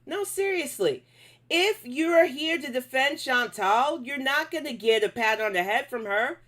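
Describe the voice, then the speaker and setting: A woman's voice: high-pitched, animated, unhurried, a bit bright. A woman hosting a casual live stream, reacting to videos and bluntly scolding trolls in her chat.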